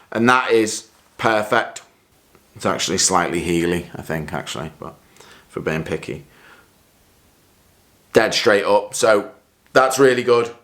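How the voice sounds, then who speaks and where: A man in a casual golf vlog, chatting and reacting as he hits practice shots, sometimes a bit out of breath. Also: mid-range voice. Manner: chatty, self-critical, bursts of excited exclamations. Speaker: golf vlogger. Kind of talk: casual vlog commentary while hitting shots.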